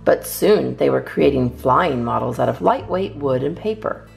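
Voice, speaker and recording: A woman reads a children's storybook aloud in a low, gravelly voice. Her reading is lively and rises and falls expressively, with faint guitar music in the background. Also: normal speed. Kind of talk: children's read-aloud narration.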